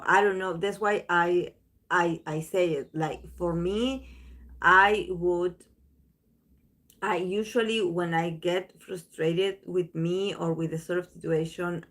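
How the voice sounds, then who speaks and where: A woman's voice: fairly low pitch, steady tone, slow, fairly bright tone. A woman hosting a tarot channel, chatting casually to viewers in a rambling way, full of restarts and fillers.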